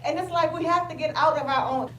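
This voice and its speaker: A woman speaking at a live event, excitable and chatty, swinging from loud outbursts to soft, heartfelt talk. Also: sits high, fast talker. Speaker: attendee asking a question. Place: large event room with an audience. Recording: echoey room, noisy ambience.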